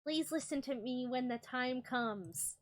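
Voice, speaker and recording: A woman voicing a cute, secretive little talking raspberry girl who speaks in sweet but ominous warnings. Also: sits high, a little slow.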